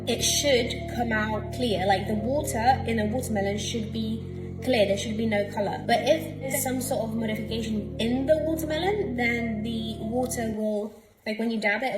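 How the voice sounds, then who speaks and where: Woman explaining over loud music. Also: on the high side. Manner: slow, step-by-step demonstration. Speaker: creator in a clip. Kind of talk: explanatory video clip. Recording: roomy echo with loud music.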